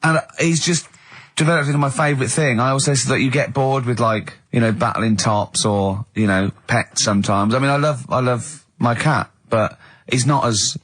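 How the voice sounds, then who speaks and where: A man with an English accent hosting a comedic radio show, telling stories with animated disbelief and frequent laughter. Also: medium pitch, moderate pace, no echo. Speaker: radio host.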